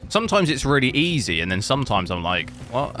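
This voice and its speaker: A man's voice: mid-range voice, fairly bright tone. A man from South Africa livestreaming a game, rambling casually as he answers chat messages. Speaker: gaming livestreamer. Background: game audio.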